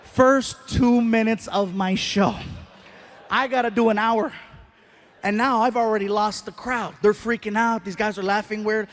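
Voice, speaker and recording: A man telling a stand-up comedy story with an animated, storytelling delivery. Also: high voice, a little slow.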